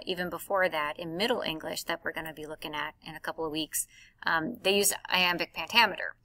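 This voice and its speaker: A woman's voice: on the low side, pushed and bright. A woman teacher recording a lesson for her class, explaining step by step and reading verse aloud with heavy stress on the beats.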